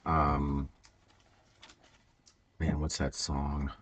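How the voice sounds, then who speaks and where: Man, deep voice, breathy and husky, unhurried, casual rambling chat, hesitant with fillers. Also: monotone, a bit bright. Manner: meandering, hesitant, many fillers and stutters; chuckles often. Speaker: livestreamer building Lego.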